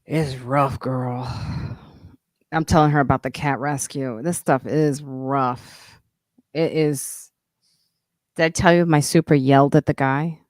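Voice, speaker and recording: A woman hosting a podcast livestream, chatting casually and telling animated stories. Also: very deep voice, slow pace, no room sound, studio quality. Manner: animated storytelling, acts out quoted people. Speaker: podcast host. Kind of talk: casual chat. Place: home livestream.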